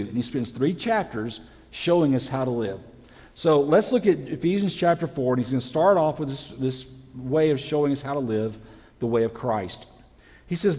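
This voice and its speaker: Animated preacher in a reverberant church. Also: male voice, medium pitch, normal speed. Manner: lively preaching, acting out quoted voices. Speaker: pastor. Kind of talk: sermon. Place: church sanctuary. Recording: long hall reverb.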